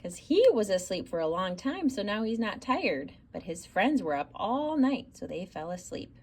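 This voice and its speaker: A woman's voice: medium pitch, big pitch swings, moderate pace, a little mellow, slightly rough. A woman reading a rhyming children's picture book aloud in a theatrical, sing-song way. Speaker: storyteller.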